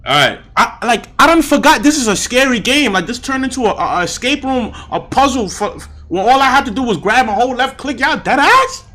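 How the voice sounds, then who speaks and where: A young man streaming and chatting casually, excitable and slangy with emphatic outbursts. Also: very high voice, brisk. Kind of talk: casual gaming and anime chat.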